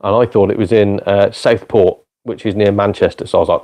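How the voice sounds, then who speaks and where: Male streamer, laid-back low voice, cheeky and self-mocking with a lot of laughs. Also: level tone, normal speed, hardly any pauses, warm tone. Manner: chatty, self-deprecating, swears, laughs often. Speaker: gaming live streamer and part-time comedian. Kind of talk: casual live stream chat with viewers.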